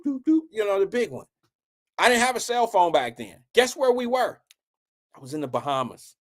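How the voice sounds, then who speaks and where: A man's voice: sits high, a bit bright. A man hosting his own show, telling a long story in loose, profane, slang-heavy casual speech.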